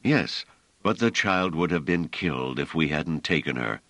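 A man reading an audiobook, voicing a mild and gentle male companion. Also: a bass voice, expressive, moderate pace, no room sound, heavily acted.

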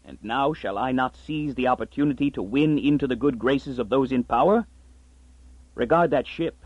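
A man's voice: medium pitch, moderate pace, breathy edge, dry recording, highs cut off, natural voice. A man doing a blustering old farmer. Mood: scheming. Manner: blustering, pompous. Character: gruff scheming old male farmer.

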